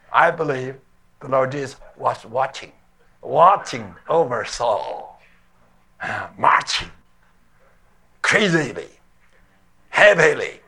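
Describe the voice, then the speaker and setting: A man's voice: mid-range voice, creaky, bright, forceful tone. An older man preaching a sermon, telling the story emphatically and dramatically and stretching out the words he stresses. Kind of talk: sermon, played from an archive recording.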